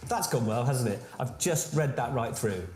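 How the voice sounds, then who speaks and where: Hosting a pub quiz over a live stream, this Buckinghamshire man is cheeky and playful, trading banter with the audience in an animated, slightly mellow mid-range voice at a moderate pace. The phone recording picks up roomy room sound and faint music.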